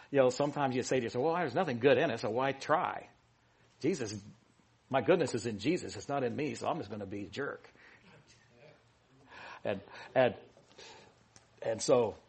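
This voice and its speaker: Pastor, male, husky, mid-pitched; casual rambling sermon full of jokes and restarts. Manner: rambling, joking and self-correcting, with many restarts and fillers. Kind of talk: informal sermon.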